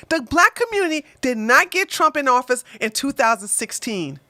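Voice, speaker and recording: Woman ranting on a livestream, high bright voice, dry close mic, cusses a lot. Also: sing-song, moderate pace, dry recording. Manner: combative, profane, swings between loud bursts and mutters. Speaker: political livestream host. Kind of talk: ranting political livestream commentary.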